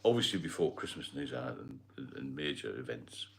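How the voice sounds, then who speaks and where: Talking a little fast with vocal fry, this middle-aged man has a very deep voice and lively intonation. He hosts a casual livestream from a Northeast England background, rambling through viewer comments in a Geordie-London accent.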